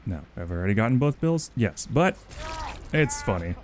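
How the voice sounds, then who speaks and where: A man's voice: on the low side, big pitch swings, normal speed, slight background noise. A man streaming a game, teasing the players he chases with playful remarks and bursts of laughter. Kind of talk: casual gameplay commentary.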